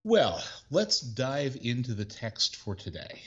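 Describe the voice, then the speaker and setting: Slow, measured man reading scripture. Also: medium pitch, sing-song, breathy edge, dull audio. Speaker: pastor and podcast co-host. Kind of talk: podcast talk and scripture reading.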